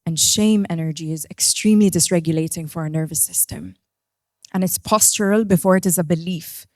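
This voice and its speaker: A woman's voice: on the low side, a little fast, no echo, studio quality. A woman giving a personal keynote talk as a coach, speaking in an earnest, reflective way and guiding the audience through breathing.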